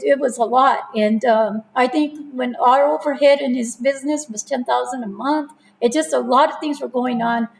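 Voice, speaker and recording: High, gravelly-voiced woman telling her story. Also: rough recording. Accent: New Mexican English. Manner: laughs often, animated retelling with quoted dialogue. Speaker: interview guest. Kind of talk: casual personal storytelling.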